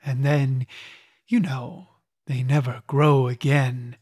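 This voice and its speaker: A reader voicing a stern mother who warns her small son in a slow, grave tone, in a storybook reading. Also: mid-range voice, flat delivery, a little mellow, breathy edge, dry recording, studio quality, voice pushed down. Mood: grave warning.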